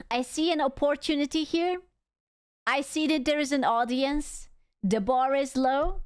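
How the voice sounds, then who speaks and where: Woman streamer, playful teasing reaction chatter, slightly high voice, dry close sound. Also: dry recording. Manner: playful, teasing, giggly banter.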